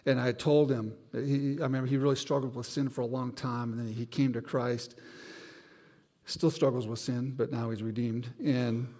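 In a church sanctuary with the acoustics of a large hall, a pastor preaches at a normal speed in a mid-range voice. He shares a personal story, bringing it to life by acting out the voices.

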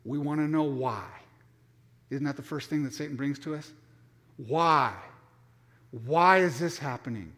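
High-voiced pastor preaching in a reverberant hall. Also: male voice, unhurried, pauses often. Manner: animated storytelling, acting out voices, frequent restarts. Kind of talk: sermon.

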